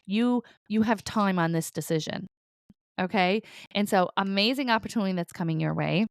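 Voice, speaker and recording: A woman's voice: mid-range voice, moderate pace, clear, resonant tone, no room sound. A middle-aged woman, a psychic medium, talking viewers through weekly guidance in a reassuring, chatty way, often checking in with "okay?" and "right?". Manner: laughs lightly between points. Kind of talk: casual spiritual guidance talk to viewers.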